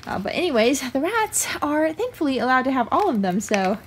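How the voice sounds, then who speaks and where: A woman's voice: sits high, very animated, fairly quick, a little hiss or hum. A woman hosting a pet channel, chatting casually through a product review with frequent filler sounds.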